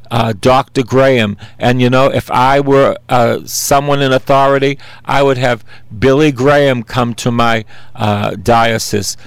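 A man's voice: mid-range voice, clear, resonant tone, no room sound. A man in his sixties preaching a sermon in an earnest, conversational way, repeating simple refrains.

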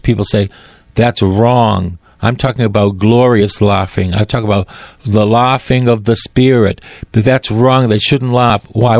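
A male preacher delivers a sermon at an unhurried, deliberate pace, quoting scripture and hammering home his points through repetition. His voice sits at a middle pitch and sounds dry and close, with little room echo. The delivery is fervent and insistent. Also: a little mellow. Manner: fervent, repeats phrases for emphasis, quotes scripture.

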